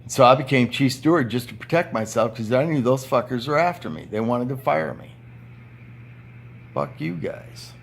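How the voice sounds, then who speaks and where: A gravelly, mid-range male voice, slightly fast with few pauses, over faint background noise. He's a retired power plant worker in his seventies, ranting angrily and bluntly at home, swearing heavily throughout. The room has a TV and a fan running.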